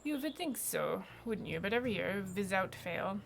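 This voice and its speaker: A woman voicing a hefty gourd-headed male vegetable farmer with a put-on German accent and a gruff, grumbling manner. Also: mid-range voice, animated, moderate pace, noisy background. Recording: game music playing behind.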